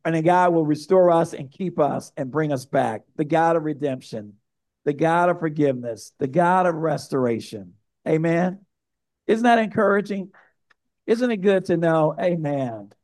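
A man's voice: a little high, moderate pace, darkish tone. A male pastor preaching a sermon, building to emphatic, repeated outbursts.

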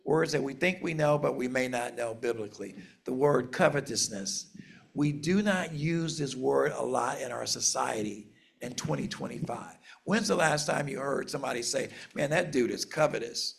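A man preaching a sermon, reading scripture aloud and explaining it in an earnest, measured way, slowing down for emphasis. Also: mid-range voice, gravelly. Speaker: pastor.

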